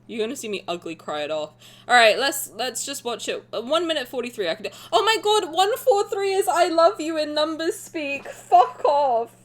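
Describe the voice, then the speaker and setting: Excitable high-voiced woman streamer. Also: brisk. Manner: excitable, gushing, swears often, laughs through lines. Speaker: streamer reacting to a game trailer. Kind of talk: casual live reaction chat.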